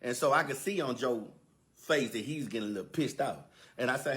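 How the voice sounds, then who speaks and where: A man's voice: mid-range voice, brisk, a bit bright. A man casually telling a comedic story in slangy speech, with repeated words and asides to the listener.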